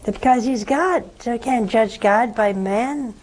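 An older woman speaks slowly and gently as a nun hosting a religious call-in program. She counsels with tender, pleading warmth and lingers on her words. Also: a little high, low-quality recording. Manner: slow, tender, preaching.

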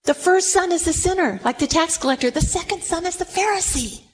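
A woman's voice: very high-pitched, lively intonation, brisk, slight background noise. A middle-aged woman preaching a sermon to a gathered room, acting out the quoted lines with drama.

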